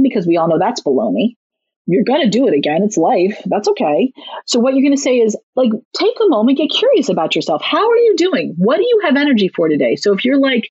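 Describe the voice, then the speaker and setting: A woman's voice: a little high, very animated, brisk, darkish tone, slightly rough, no room sound. A woman and parenting author, explaining emphatically and chattily in an interview. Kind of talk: conversational advice interview. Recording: slightly muffled recording.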